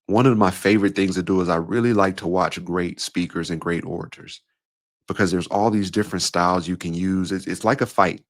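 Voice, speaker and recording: A very low-voiced man in his thirties hosts his own podcast as a speaking coach. He talks in a relaxed, conversational way and slips playfully into the voices of the people he quotes. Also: a little fast. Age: 30s. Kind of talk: casual solo podcast talk.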